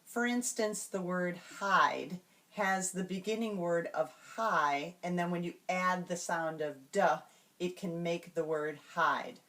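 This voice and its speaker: A teacher trainer walks teachers through classroom reading routines, speaking slowly and carefully and sounding out each word one sound at a time. Her voice is on the low side with a sharp tone.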